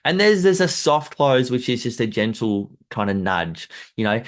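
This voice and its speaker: A man teaching sales technique to photographers in a loose, repetitive way. He acts out little examples, his voice leaping high and then dropping low again. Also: moderate pace, few pauses. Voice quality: animated, acts out examples with sudden high jumps. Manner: repetitive, loose phrasing with fillers. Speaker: photography business coach.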